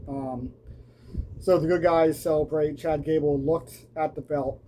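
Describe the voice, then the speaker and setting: Casting: man, casual wrestling reviewer, slightly high, mellow voice, faint ambient noise. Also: little pitch movement, unhurried, low-quality recording. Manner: casual, lots of ums and restarts, acts out quotes. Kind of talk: casual recap chat.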